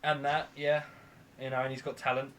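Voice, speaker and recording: A man's voice: mid-range voice, flat delivery, fairly quick, a bit bright, slight background noise. A man hosting a live stream, bantering casually and joking with playful swearing. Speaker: live show host.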